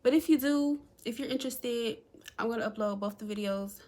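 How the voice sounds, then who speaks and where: A young woman telling a personal story to camera in a chatty, animated way. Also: brisk. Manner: animated, chatty, acts out quotes with big jumps in pitch. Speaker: vlogger.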